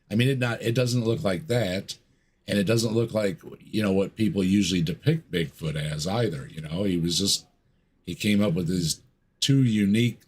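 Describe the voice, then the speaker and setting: A man as a podcast guest in casual chat, hesitant and quick to laugh. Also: deep voice, husky.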